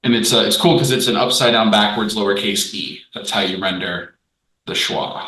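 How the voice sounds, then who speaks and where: A player explaining at length in casual table chat. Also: male voice, on the low side, fairly quick. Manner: explains things at length, animated. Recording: echoey room, distant from mic.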